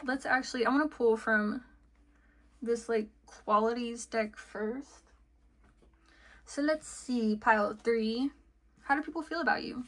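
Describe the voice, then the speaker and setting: A woman's voice: on the high side, measured pace, pauses often, a bit bright. A woman giving a casual tarot reading, chatty and giggly, full of fillers and friendly asides. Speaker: tarot card reader.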